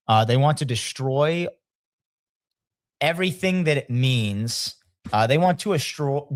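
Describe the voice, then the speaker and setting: A man's voice: medium pitch, no echo, clean studio sound. A man on a podcast, ranting bluntly and swearing constantly in heated casual chat.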